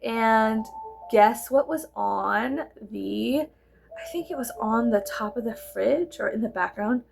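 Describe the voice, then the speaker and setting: A woman in her thirties chatting casually while doing her makeup, animated and laughing, swearing freely as she tells stories. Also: a little high, takes it slowly, creaky, background noise. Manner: animated, swearing, giggly storyteller. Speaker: vlogger. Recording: music playing behind.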